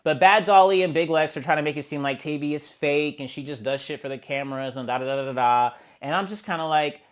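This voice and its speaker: A man's voice: fairly high pitch, fast, few pauses, clean tone. A man giving a sassy, gossipy recap of a reality show episode, acting out the cast's lines and calling people honey. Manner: acts out cast members' lines in quotes. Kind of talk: casual recap commentary.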